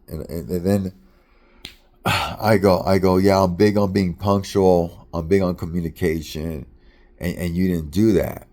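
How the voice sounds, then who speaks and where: A man's voice: low-pitched, steady tone, measured pace, darkish tone. A man telling a casual, rambling story in a monologue, repeating words often and swearing as he talks.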